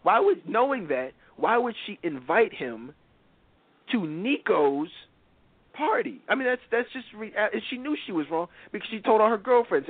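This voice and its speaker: A man's voice: sits high, big pitch swings, normal speed, no room sound. Blunt, preachy man on tinny radio. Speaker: radio show host. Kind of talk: opinionated commentary on reality TV. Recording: tinny phone-like radio sound.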